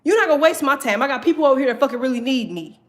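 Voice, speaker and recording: A woman's voice: high voice, lively intonation, rapid-fire. A woman playing a brash, impatient spirit guide. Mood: exasperated. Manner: brash, cursing, dismissive.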